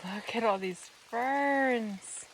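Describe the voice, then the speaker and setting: A woman's voice: on the high side, extremely slow, slight background noise. A woman vlogging as she walks a mountain trail outdoors, talking casually and upbeat to a handheld camera and laughing easily. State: walking on trail. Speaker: hiking vlogger.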